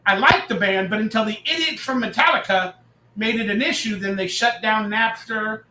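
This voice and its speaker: Excitable high-voiced male stream host. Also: moderate pace, reverberant, a little hiss or hum, low-quality recording. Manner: loud, excitable, reads chat aloud. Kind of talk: casual live reaction chat.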